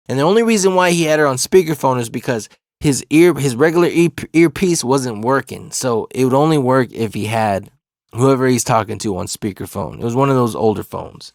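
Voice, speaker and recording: A man tells a comic, profanity-laced story in a relaxed, animated way, chuckling as he goes. His voice has a gravelly, creaky texture at an average male pitch. The recording is dry and close, with no room sound. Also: no echo. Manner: laid-back, animated, laughs through his story. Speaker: comedic storyteller.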